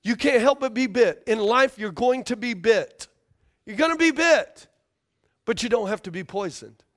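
High, lively-voiced male preacher. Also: normal speed. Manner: emphatic, repeats key phrases, checks in with the congregation. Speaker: pastor. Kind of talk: sermon.

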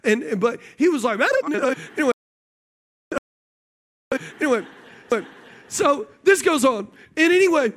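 A man's voice: very high-pitched, measured pace, pauses often. A middle-aged man preaching a sermon, telling a personal story and calling out questions to the congregation. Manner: storytelling preacher, animated, asks the audience questions. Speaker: pastor.

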